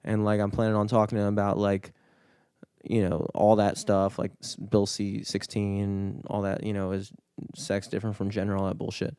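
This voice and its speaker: A man's voice: on the low side, monotone, moderate pace, mellow, clear, resonant tone, no echo, clean studio sound. A man co-hosting a podcast in casual chat, rambling and swearing, with lots of filler words. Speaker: podcast co-host. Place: studio.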